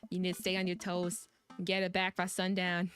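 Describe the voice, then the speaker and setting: A woman voicing a brisk, teasing adult woman who volunteers at an animal shelter, reading game dialogue aloud. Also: lowish voice, completely flat delivery, a bit bright, faint music behind, lightly acted.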